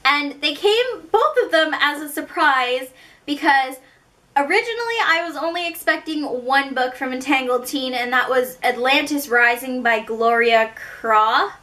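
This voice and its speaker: Woman, Canadian accent, high pitch, bright tone, chatty book vlogger, rambling asides. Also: a little slow. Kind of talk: casual book haul chat.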